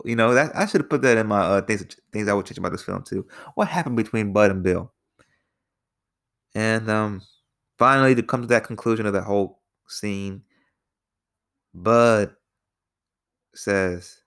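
A man's voice: on the low side, steady tone, normal speed, pauses often, fairly bright tone, smooth. A man casually reviewing a film, rambling with lots of fillers and slang, sometimes restarting his sentences. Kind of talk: casual spoken movie review.

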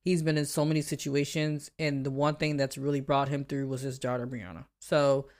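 A podcast co-host with an extremely low, level voice talks briskly and a little mellowly. She animatedly retells film scenes in a casual film-discussion chat, laughing often.

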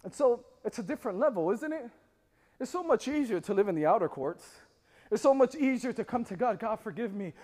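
A man preaching a sermon as pastor, impassioned, with rising shouts and call-and-response to the congregation. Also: very high voice, lively intonation, brisk, in a large hall.

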